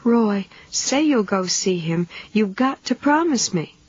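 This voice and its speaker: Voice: mid-range voice, expressive, unhurried, breathy edge, no echo, pitched above the performer's own voice. A reader voicing a frightened adult housewife who pleads in a raised, strained voice. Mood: pleading. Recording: dull lo-fi 1970s audiobook tape.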